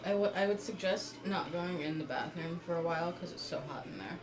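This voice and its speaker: A young woman makes blunt, offhand remarks in casual chat at home. Her voice sits somewhat low for a woman. Music plays clearly in the background. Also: brisk, poor audio. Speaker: streamer's partner. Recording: music playing behind.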